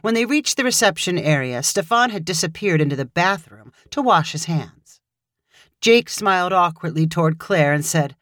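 A woman narrating a short story in a measured, expressive reading voice. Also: lowish voice, no room sound, studio quality.

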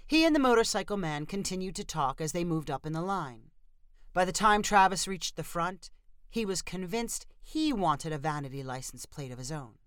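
A woman narrating a storybook in a steady, even reading. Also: fairly low pitch, moderate pace, smooth, no echo, studio quality.

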